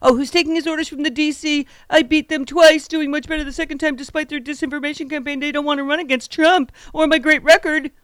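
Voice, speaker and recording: A woman puts on a blustering older male politician who rants in a raised, strained pitch and grows loud and grandiose. The voice sits high above a woman's usual talk and is shouty and indignant. It is recorded close, with a dry sound. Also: steady tone, fast talker, few pauses, dry recording, close to an everyday voice. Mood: ranting indignant.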